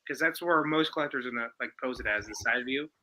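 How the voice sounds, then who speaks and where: A man who collects figures, talking in a casual, excitable and rambling way. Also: medium pitch, fast talker, slight background noise, rough recording. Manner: excitable, rambling, says "like" a lot. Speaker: collector co-host. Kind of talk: casual chat.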